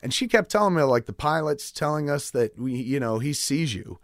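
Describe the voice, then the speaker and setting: Brief: male guest, swaggering profane anecdote teller, very expressive, dry garage-studio mic. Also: on the high side, moderate pace, no echo. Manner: profane, animated storyteller mimicking others. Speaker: podcast guest, filmmaker. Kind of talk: casual storytelling chat.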